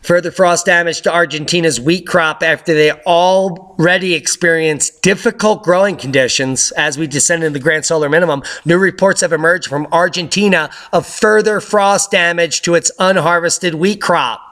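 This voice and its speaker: A man hosting a news update, giving casual commentary over clips in an excitable, sarcastic way with sudden loud outbursts. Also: fairly high pitch, normal speed, few pauses. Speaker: host of a news update channel.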